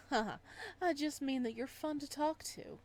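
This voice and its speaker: Pitching her voice high, above her own natural register, a woman reads the part of a possessive, soft-spoken male psychiatrist in a visual novel. She keeps a measured pace and a calm, quietly unsettling tone.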